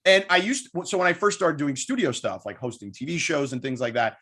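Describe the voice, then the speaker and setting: A man, a sports broadcaster guest, telling stories in a quick, animated way in a casual interview. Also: on the high side, slightly rough.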